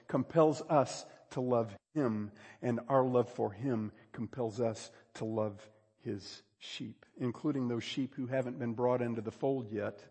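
A pastor preaching a sermon, moving between quiet asides and loud, drawn-out emphasis. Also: male voice, medium pitch, husky, big-room sound. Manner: dynamic preaching, swings from hushed to loud emphasis.

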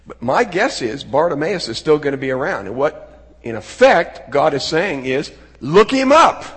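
A middle-aged man preaching a sermon in a folksy, animated way, acting out quotes with sudden shouts. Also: mid-range voice, breathy edge. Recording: long hall reverb.

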